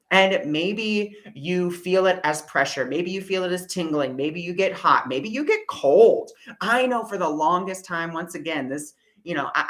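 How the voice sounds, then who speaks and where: A woman's voice: lowish voice, a bit bright. A woman leading a live online spiritual workshop, talking casually and encouragingly as she guides listeners through a breathing exercise. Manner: casual and encouraging, repeats reassurances, many fillers. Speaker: spiritual workshop leader, energy healer.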